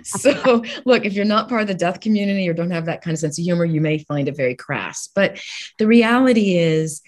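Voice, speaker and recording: A woman guest speaking frankly and warmly about grief, with easy laughter and dark humor. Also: lowish voice, animated, fairly quick. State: widowed. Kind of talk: candid conversation about grief.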